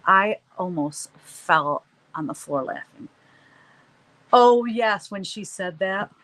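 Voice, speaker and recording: A woman's voice: mid-range voice, expressive, slow, fairly bright tone, rough recording. A middle-aged woman hosting a live stream, chatting casually and laughing often while she paints and reads the chat.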